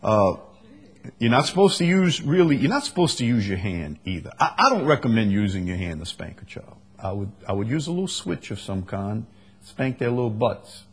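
A man preaching a sermon, animated, acting out scenes with a raised voice and taking questions from the congregation. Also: lowish voice, moderate pace. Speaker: pastor.

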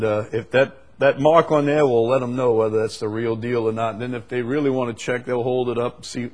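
A man preaching a sermon, moving from quiet, conversational explanation to loud, emphatic, repeated declarations. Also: medium pitch. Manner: swings from quiet explaining to shouted emphatic climaxes.

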